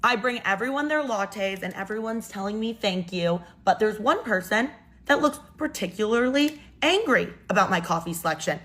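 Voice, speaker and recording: A woman's voice: medium pitch, expressive, normal speed, a bit bright. A young woman telling a personal story in a casual, chatty and exasperated way.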